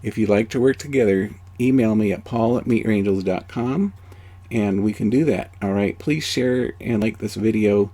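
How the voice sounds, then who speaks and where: A man teaching a spiritual course outdoors in a gentle, conversational way. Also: fairly low pitch, moderate pace. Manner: gentle, conversational, many "you know"s.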